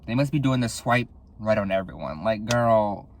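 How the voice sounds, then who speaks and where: A man's voice: lively intonation, normal speed, slight background noise. Candid, swearing young man podcaster. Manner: candid and profane, with frequent sighs; dramatic, with sudden jumps in pitch. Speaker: podcast host. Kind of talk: casual solo podcast chat.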